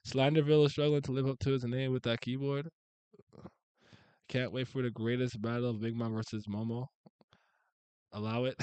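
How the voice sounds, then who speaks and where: A man giving a casual live reaction while reading manga, animated and slangy, laughing often and thinking aloud. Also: mid-range voice, clear, resonant tone, no room sound.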